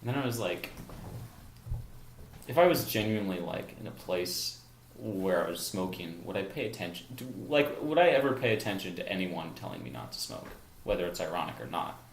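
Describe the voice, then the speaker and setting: A young man co-hosting a casual podcast, chatty and musing, quick to laugh. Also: low-pitched, echoey room, slight background noise. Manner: animated, laughs easily, musing. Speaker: podcast co-host. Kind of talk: casual chat.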